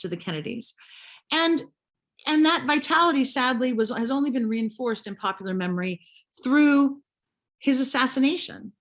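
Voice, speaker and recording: A woman history professor giving a recorded lecture, emphatic, often ending points with a rhetorical "right?". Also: on the high side. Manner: emphatic, asks rhetorical questions with a tagged "right?".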